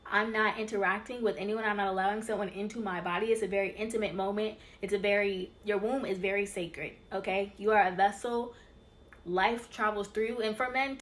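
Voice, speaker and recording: A woman teaching spiritual ideas on her own channel in a casual, chatty way. She gets excitable and keeps talking straight to her viewers. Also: medium pitch. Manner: addresses viewers as y'all and you guys. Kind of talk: casual teaching talk over slides.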